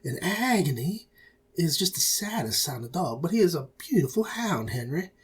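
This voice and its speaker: A man voicing a chatty woman neighbor with a Southern accent, drawling and a little breathy as she chides. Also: on the high side, big pitch swings, normal speed, recorded from a distance, pitched above the performer's own voice, full character voice. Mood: gently chiding. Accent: American Southern.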